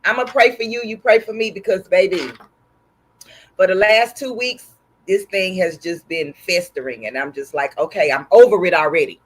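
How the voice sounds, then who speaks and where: A woman's voice: medium pitch, expressive, normal speed. Texan woman hosting a craft livestream, sore throat, chatty and friendly with viewers. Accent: Texas. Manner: chatty, greets viewers warmly by name. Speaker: embroidery livestream host. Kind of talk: casual livestream chat with viewers.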